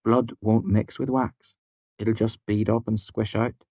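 A man voicing a shy, clever young woman student in an audiobook, speaking softly and precisely. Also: fairly low pitch, little pitch movement, unhurried, slightly rough, no echo, voice pushed up. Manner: soft-spoken and precise. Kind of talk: audiobook character voice.

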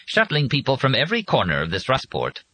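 A man's voice: mid-range voice, wildly swooping pitch, fast talker, pushed and bright, pitched above the performer's own voice, exaggerated voice, rough recording. A man voicing a polite, formal robot driver in an audiobook reading, with a courteous, pedantic manner.

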